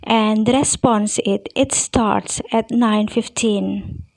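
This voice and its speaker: A woman English teacher with an Indonesian accent, calmly explaining test questions and reading out example answers in a recorded lesson. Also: mid-range voice, slow pace, creaky, no room sound, poor audio.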